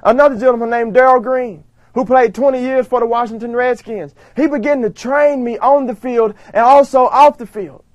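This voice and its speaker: A man giving a motivational speech, telling his story dramatically and swinging from loud bursts to hushed lines. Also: very high-pitched, steady tone, moderate pace, few pauses, no echo, highs cut off. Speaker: motivational speaker.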